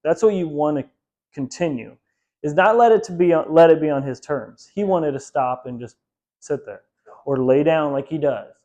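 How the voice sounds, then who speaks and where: Male dog trainer, slightly high voice, loose chatty teaching with frequent laughs. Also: normal speed, dark tone, lo-fi sound. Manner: casual, chatty, laughs often, many "like" fillers. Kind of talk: hands-on training lesson.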